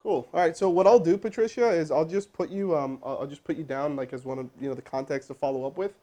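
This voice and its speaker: A man's voice: a little high, quick pace. A man making a live cold sales call and then coaching his crew, talking casually with lots of fillers and restarts. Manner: energetic, rambling, full of fillers.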